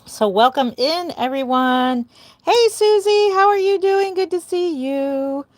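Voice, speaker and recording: A woman's voice: very high-pitched, expressive, unhurried, dry recording. An older woman chatting on a live stream as a doll artist, greeting viewers by name with a bubbly, giggly manner. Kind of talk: casual live stream chat.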